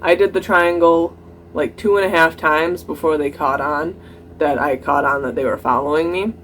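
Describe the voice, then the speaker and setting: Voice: medium pitch, normal speed, fairly bright tone, a little hiss or hum, poor audio. A young adult vlogger telling a personal story in a casual, chatty way, full of "like" fillers and laughing now and then. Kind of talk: casual story-time monologue.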